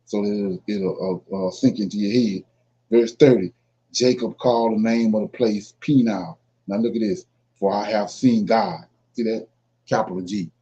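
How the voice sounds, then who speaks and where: A man leads an informal Bible study, reading verses aloud and then explaining them with emphasis while repeatedly asking "right?". His voice is lowish and mellow, with fairly even intonation and normal speed, on a dull lo-fi recording.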